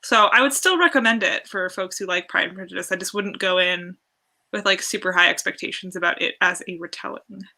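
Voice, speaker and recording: Bright-voiced chatty woman. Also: lowish voice, brisk, creaky. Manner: chatty, opinionated, lots of "like" fillers. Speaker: host of a reading stream. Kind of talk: casual chat.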